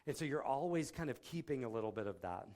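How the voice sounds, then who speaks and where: A man preaching to a congregation in an easygoing, conversational way. He stumbles and restarts now and then, and he slips into quick voiced quotes of the people in the story. His pitch sits at an ordinary middle level. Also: expressive, darkish tone. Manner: conversational, with filler words and restarts, acting out quotes. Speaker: pastor. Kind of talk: sermon.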